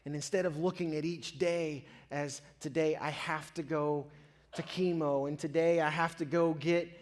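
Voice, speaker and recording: A pastor preaching a sermon, telling a personal story with earnest honesty and swelling louder as his feelings rise. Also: fairly high pitch, fairly even intonation, moderate pace.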